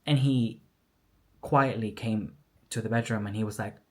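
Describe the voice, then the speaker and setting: A woman's voice: very deep voice, fairly even intonation, normal speed. A woman telling a personal story in a candid, emotional vlog, acting out what others said. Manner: candid, emotional retelling with quoted dialogue. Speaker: vlogger.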